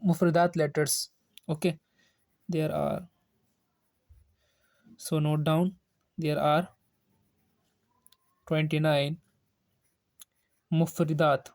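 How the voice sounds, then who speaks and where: A woman teaching Quran reading in a recorded lesson, hesitant, pausing with frequent "uh" and repeating each term. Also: deep voice, dark tone. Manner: slow, halting, with frequent "uh" and repeated terms. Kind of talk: recorded lesson explaining Arabic letters.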